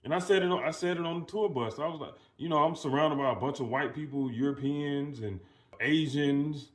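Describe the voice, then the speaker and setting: A man's voice: fairly high pitch, fairly quick. Man telling a blunt, profane story. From United States. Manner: loose, profane, storytelling with many restarts. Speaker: commentary host. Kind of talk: casual storytelling commentary.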